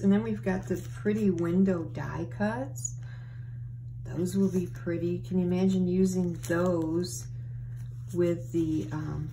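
A woman chatting to her viewers as she opens craft mail, gushing over every piece. She talks slowly in a somewhat low voice, and a steady hiss of background noise sits under her. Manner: gushing, excited, often breathy exclamations. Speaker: papercraft vlogger opening happy mail. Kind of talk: casual unboxing chat to viewers.

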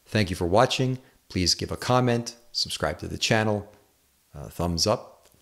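Very deep-voiced man explaining casually. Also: unhurried, gravelly. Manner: relaxed, unscripted, frequent fillers and self-corrections. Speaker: chiropractor giving health advice. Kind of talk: casual explanatory monologue to camera.

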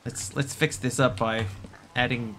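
A man's voice: medium pitch, steady tone, unhurried, fairly bright tone, a little hiss or hum. A man casually chatting and joking while he streams a building game. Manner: rambling, jokey, mock-pretentious pronunciations. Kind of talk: casual gameplay commentary.

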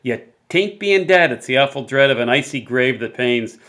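A man's voice: medium pitch, expressive, moderate pace, fairly bright tone, close to an everyday voice. A man voicing a freezing, dying gold prospector who moans his last request in a poem reading. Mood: mournful pleading. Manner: moaning, pleading.

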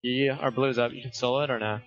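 A man's voice: mid-range voice, steady tone, fast talker, fairly bright tone. A man in casual voice chat during a game, joking and swearing loosely. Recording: dull lo-fi stream audio.

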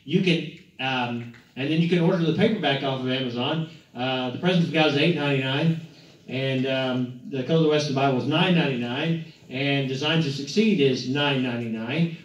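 Joking pastor in an echoey room. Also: male voice, on the high side, moderate pace. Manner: rambling, joking, self-correcting. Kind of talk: casual church announcements and joke-telling. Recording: echoey, distant, muffled, with guitar music.

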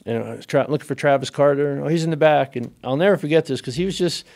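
A man guesting on a podcast as a race car driver, telling stories in an animated, rambling way with many fillers and restarts. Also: on the high side, fast. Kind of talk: casual storytelling in a podcast interview.

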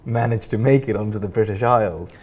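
A man co-hosting a casual podcast chat, speaking in a relaxed, agreeable, conversational way. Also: on the low side, fairly quick, a crowd in the background.

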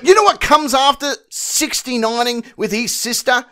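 A man's voice: very high-pitched, lively intonation, normal speed, hardly any pauses, fairly bright tone. A man giving crude, mocking commentary on a video. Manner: crude, mocking, theatrical swings. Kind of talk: profane comedic video commentary.

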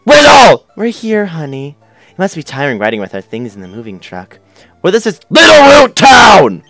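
A man putting on a high, shrill voice to yell game characters' lines, like a mom calling her kid. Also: very animated, brisk, no room sound, faint music behind, lightly acted.

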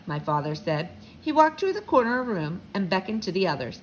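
A fourth-grade teacher reads a children's novel aloud from her living room in a very animated, up-and-down voice. Her pitch sits in the middle for a woman, and a faint hum of home ambience stays behind her. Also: a little fast, rough recording. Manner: warm teacherly read-aloud, lively. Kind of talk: reading a children's book aloud.

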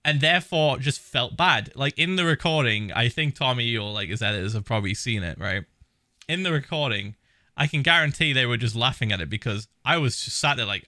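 A man's voice: mid-range voice, animated, a little fast, bright, forceful tone, dry recording, studio quality. A man casually reacting to a video, talking animatedly, swearing a lot and laughing often.

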